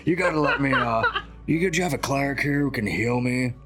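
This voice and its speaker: A man's voice: medium pitch, brisk, fairly bright tone, faint music behind. A man playing a tabletop game, talking in a goofy, swaggering way and swearing often. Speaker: player. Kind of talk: in-character role-play.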